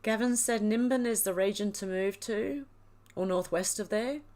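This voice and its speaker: A woman's voice: mid-range voice, normal speed, darkish tone. Tearful woman reading live comments. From Australia. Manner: emotional, tearful, reads viewer comments aloud. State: crying. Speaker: livestream host. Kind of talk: casual live chat, reading comments aloud.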